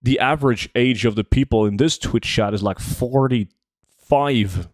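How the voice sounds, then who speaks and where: A man's voice: medium pitch, unhurried, dry recording, studio quality. A man, chatting casually with his viewers as he plays, reading their questions aloud and answering them. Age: 20s. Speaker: streamer. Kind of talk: casual live-stream chat while gaming.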